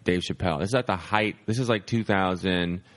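A man's voice: sits low, brisk, a bit bright. A stand-up comedian, a man, telling a rambling anecdote in a casual podcast chat, full of "like" fillers. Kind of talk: casual storytelling.

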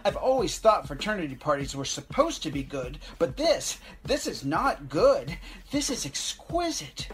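A woman reading aloud and voicing an excitable young woman who gushes and chatters. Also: sits low, a little slow, few pauses. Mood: gushing. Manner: gushing, breathless chatter.

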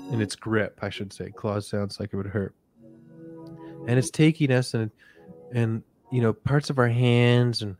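A man hosting a comic sleep-story podcast, talking softly with drifting, rambling jokey asides. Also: lowish voice. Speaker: podcast host.

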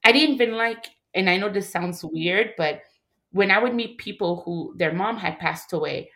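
With a medium-pitched voice that's a bit bright, a woman from Montreal, Canada, in her thirties recounts a personal story as an interview guest. Her telling is emotional and faltering; she keeps restarting sentences and imitates how others spoke.

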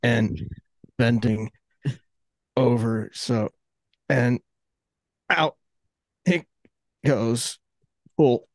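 A man's voice: medium pitch, very slow, long pauses, no room sound. A man in an improv comedy scene, dryly calling out each step of his own actions.

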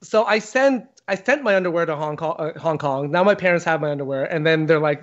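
Animated high-voiced man telling a story. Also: brisk. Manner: animated, profane, acts out quotes with big pitch jumps. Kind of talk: casual storytelling chat. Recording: dull lo-fi sound.

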